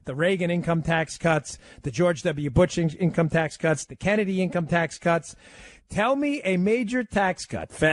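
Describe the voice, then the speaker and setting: A man guest-hosting a talk radio show, taking calls and making his points with rapid-fire emphasis. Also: fairly high pitch, dry recording.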